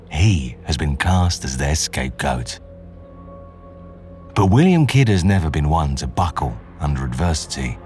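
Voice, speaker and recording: A man hosting a podcast, telling a history story in scripted dramatic narration with measured, slow delivery. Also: a bass voice, darkish tone.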